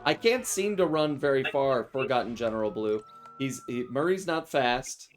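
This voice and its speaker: A man's voice: medium pitch, lively intonation, normal speed, soft background music. A man streaming a video game in casual chat, joking playfully and laughing often. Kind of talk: casual chat while gaming.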